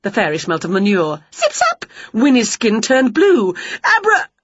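A woman reading a children's picture book aloud, expressive and playful, acting out the sounds. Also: medium pitch, moderate pace, breathy edge, no echo, lo-fi sound. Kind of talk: storybook read-aloud.

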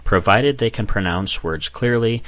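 A man, an exam examiner, explaining test matters in a measured, scripted way. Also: lowish voice, fairly bright tone. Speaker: IELTS examiner.

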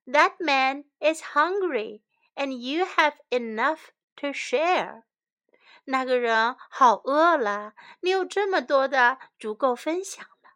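A woman voicing a kind, fair-minded woman who gently scolds a stingy seller in a children's storybook. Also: high voice, animated, slow, full character voice. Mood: reproachful.

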